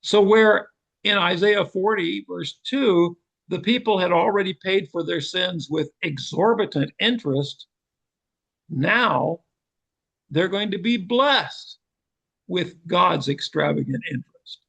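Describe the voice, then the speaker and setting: An older man teaching a Bible seminar, explaining slowly and deliberately. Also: sits high, vocal fry, fairly bright tone, rough recording. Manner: slow, measured, deliberate explanation.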